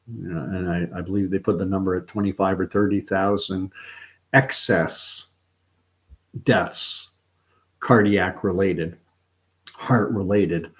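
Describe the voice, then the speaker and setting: A middle-aged man hosting a livestream, talking through his views in a rambling, earnest way, often correcting himself mid-sentence. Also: low-pitched. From Canada. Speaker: livestream host. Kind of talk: casual opinion monologue.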